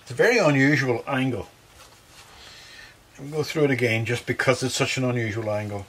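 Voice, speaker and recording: A man's voice: medium pitch, fairly quick, fairly bright tone, low-quality recording. A middle-aged man working as a luthier, chatting through each step of a guitar setup in his workshop. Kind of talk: workshop demonstration to camera.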